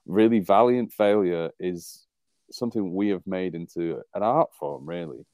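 A man's voice: low voice, moderate pace, a little mellow, clear, resonant tone, no room sound. A man from England co-hosting a rugby podcast in casual chat, rambling and wry, often laughing at his own jokes. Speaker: podcast co-host.

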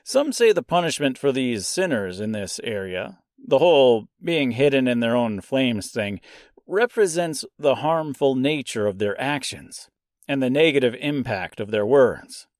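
Wry, lively man talking books. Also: mid-range voice, a little slow, no echo, clean studio sound. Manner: wry, conversational, self-deprecating asides. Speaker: podcast host. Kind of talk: casual literary commentary podcast.

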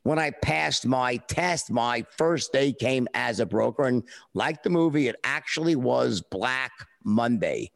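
Gravelly man telling a story animatedly. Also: a little slow, few pauses. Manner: animated, acts out voices with big pitch jumps. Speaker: interview guest. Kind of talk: casual storytelling.

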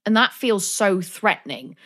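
Animated woman chatting about films. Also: mid-range voice, measured pace. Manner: animated, acts out reactions in quoted asides. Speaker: podcast co-host. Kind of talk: casual film discussion.

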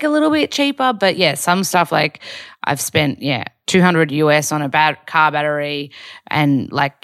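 Australian woman, young adult, low voice, chatty rambling vlog talk, full of fillers, dry close sound. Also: fairly bright tone, dry recording. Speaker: vlogger. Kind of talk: casual vlog chat.

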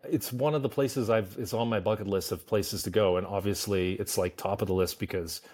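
Chatty low-voiced actor, self-deprecating. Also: male voice, steady tone, a little fast, darkish tone. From Canada. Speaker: guest actor. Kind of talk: casual interview chat.

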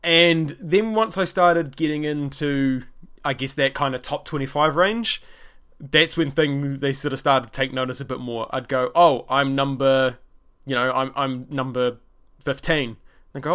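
A man's voice: medium pitch, steady tone, normal speed, fairly bright tone, clear, resonant tone. A young man hosting his own podcast, chatting casually and rambling with lots of fillers and restarts. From New Zealand. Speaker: podcast host. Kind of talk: casual solo podcast, answering listener questions.

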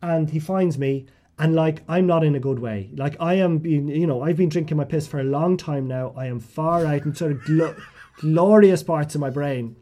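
A man's voice: on the high side, moderate pace, mellow. An Irish man, a writer guest, telling a vivid, self-mocking story in conversation and often restarting his phrases.

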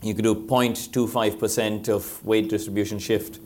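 A middle-aged man with a lowish voice tells racing stories on a live panel. He is animated and breaks into laughter often, with a faint hum of room noise behind him. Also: moderate pace. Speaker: former racing driver speaking on a panel. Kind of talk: live panel talk, anecdotal.

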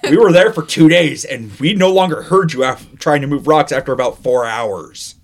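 A man's voice: on the high side, moderate pace, natural voice. A man voicing a bitter, tall Goliath man, a former adventuring companion who holds a grudge. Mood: reproachful. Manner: grudging, reproachful.

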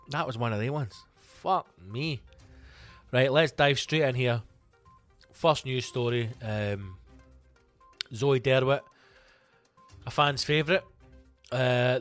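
A man hosting a comedy podcast, reading odd news stories aloud with sweary, sarcastic asides. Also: medium pitch. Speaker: podcast host. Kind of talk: comic podcast monologue.

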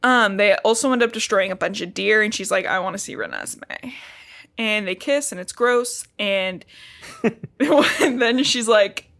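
A woman's voice: medium pitch, fairly bright tone. Sarcastic, swearing woman recapping a book. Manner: profane, sarcastic, acts out characters' lines in quick voices. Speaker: podcast co-host recapping a book. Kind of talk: casual podcast chat, retelling a book with sarcastic asides.

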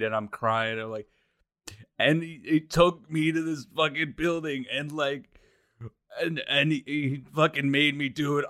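Man as a guilt-ridden young adventurer, rambling, swearing, halting restarts, tabletop role-play, dry close sound. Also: mid-range voice, sharp tone, no room sound. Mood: remorseful. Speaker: player.

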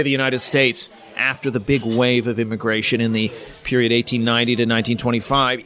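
A middle-aged man from Canada, a politics professor answering interview questions in a measured, explanatory way, thinking aloud with fillers and restarts. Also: medium pitch, fairly bright tone.

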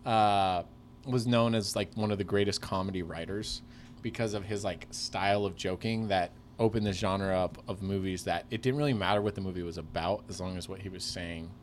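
A man's voice: low-pitched, a little fast, slight background noise. A man in his thirties chatting casually on a comedy podcast, rambling with lots of fillers. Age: 30s. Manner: rambling, many fillers and restarts.

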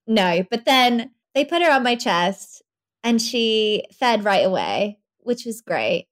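A young woman, a podcast guest, telling her birth story in an animated way, laughing often. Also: on the high side, slow.

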